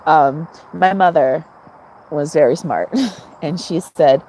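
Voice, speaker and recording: A woman on a live stream, casually telling personal stories to her viewers, frank and quick to laugh. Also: deep voice, dark tone, a little hiss or hum, low-quality recording. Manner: chatty, laughs often, frank.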